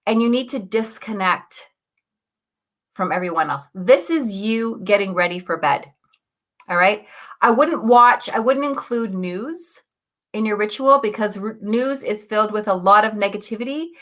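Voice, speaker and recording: Woman, host, slightly high voice, husky morning voice, clears throat, chatty, upbeat, live morning talk. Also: bright, forceful tone. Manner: upbeat, chatty, greets viewers, asks "right?" often. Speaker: host, coach.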